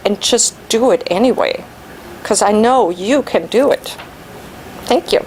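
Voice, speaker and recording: Animated woman telling a story. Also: on the high side, unhurried, a little hiss or hum. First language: German. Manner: animated storytelling, laughing at herself. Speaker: Toastmasters speaker. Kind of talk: personal story speech. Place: club meeting room.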